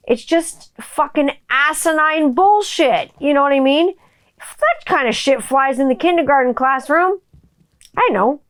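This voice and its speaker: Woman, middle-aged, podcast host, casual chatty monologue, swears freely, slightly high voice. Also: expressive, moderate pace. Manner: chatty and profane, acts out quotes in a high kid voice.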